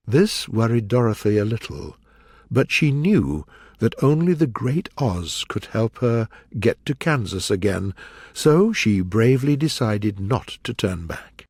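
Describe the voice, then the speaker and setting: A man reading a children's story aloud in a clear, measured way. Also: lowish voice, big pitch swings, a little mellow, no echo, studio quality. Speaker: audiobook narrator. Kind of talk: storybook narration for learners.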